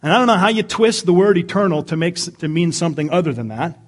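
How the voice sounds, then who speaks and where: A man preaching a sermon as pastor, animated, swinging from near-yelling down to quiet asides. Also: high voice, fast. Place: church sanctuary.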